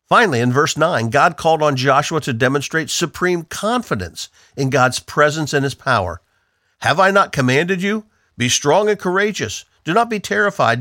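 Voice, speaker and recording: A man's voice: mid-range voice, fairly bright tone, no room sound, clean studio sound. A man from the northeastern United States giving an earnest, emphatic devotional Bible teaching on the radio.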